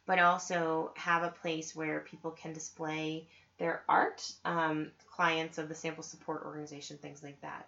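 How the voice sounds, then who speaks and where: A woman's voice: low-pitched, level tone, normal speed, vocal fry, a bit bright. A woman hosting a knitting podcast, talking in a chatty, enthusiastic way with plenty of ums and asides. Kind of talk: casual podcast chat. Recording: slightly dull lo-fi audio.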